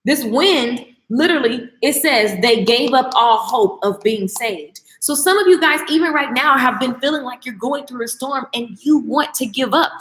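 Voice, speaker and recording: A woman giving a casual, chatty Bible teaching to camera, telling the story in an animated, slangy way. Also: sits high, reverberant.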